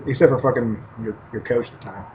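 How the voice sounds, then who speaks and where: A man's voice: mid-range voice, fast. Profane storytelling man, muffled audio. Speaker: podcast co-host. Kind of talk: casual podcast chat. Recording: muffled lo-fi with faint hiss.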